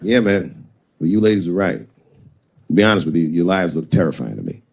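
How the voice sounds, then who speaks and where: A man telling a profane stand-up story on stage, breaking into shouted impressions. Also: sits low, very animated, normal speed, gravelly. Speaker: stand-up comedian. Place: comedy stage before a live audience. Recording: live show with crowd laughter and noise.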